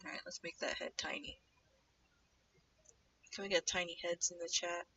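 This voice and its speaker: A young woman livestreaming while she animates, chatting casually in a rambling way and drifting into low muttering to herself as she draws. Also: level tone, normal speed, bright, forceful tone, recorded from a distance, a little hiss or hum. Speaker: streamer animating live. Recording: dull lo-fi mic set back from the speaker.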